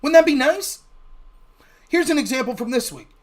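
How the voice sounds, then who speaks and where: A man hosts a political livestream with combative, sarcastic commentary. His pitch swings widely, and he keeps breaking into mocking put-on voices. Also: expressive, normal speed. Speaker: livestream political show host.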